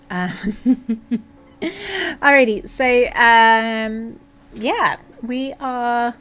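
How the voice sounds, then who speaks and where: A software developer from England, with a southern English accent, chats playfully while coding on a livestream, joking and slipping into silly voices. Her mid-range voice is expressive and slightly bright, at a slow pace, with slight background noise.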